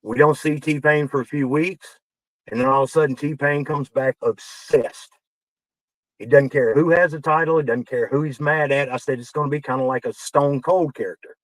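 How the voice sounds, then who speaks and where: A man, a wrestling veteran guest on a podcast, telling backstage stories in a casual, animated way, acting out quoted dialogue and swearing as he gets heated. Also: on the high side, moderate pace, no room sound, poor audio. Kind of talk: casual storytelling.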